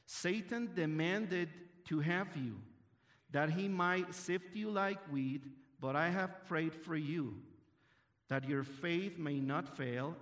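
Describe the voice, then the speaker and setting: Man, bible lesson, unhurried deliberate reading, slightly high voice, emphatic asides. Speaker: Bible teacher.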